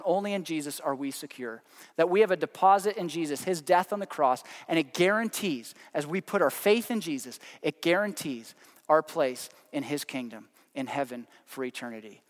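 A man's voice: high voice, a bit bright, big-room sound. A middle-aged man preaching a sermon as a pastor, earnest and repeating phrases for emphasis.

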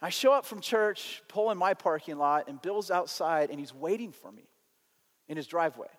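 A man, a pastor, telling a personal story in a sermon, animated and shifting between lively and hushed delivery. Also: on the high side, moderate pace. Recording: long hall reverb.

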